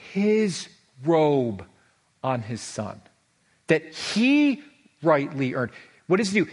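A middle-aged man preaching a sermon as pastor, animated, with his voice leaping high for emphasis and slowing right down on key words. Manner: animated, voice leaps high for emphasis, drawn-out slow stresses.

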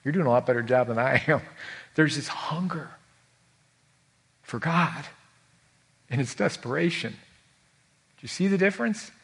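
A husky-voiced man preaching a heartfelt sermon. He talks earnestly, stumbles and repeats words as he goes, and moves between hushed, tender stretches and raised, urgent ones. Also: on the high side, expressive, measured pace, long pauses. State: emotional. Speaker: pastor.

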